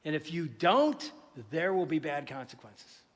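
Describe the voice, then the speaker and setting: A man preaches a sermon from a church stage, his voice sitting high for a man. He is lively and joking, stopping often to quiz the congregation. The sound carries a long reverb. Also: unhurried. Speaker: pastor. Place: church sanctuary.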